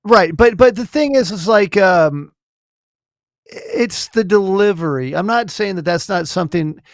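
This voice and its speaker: High-voiced, stammering man on a podcast. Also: moderate pace, no room sound, clean studio sound. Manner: excitable, stammering restarts. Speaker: podcast co-host. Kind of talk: casual chat.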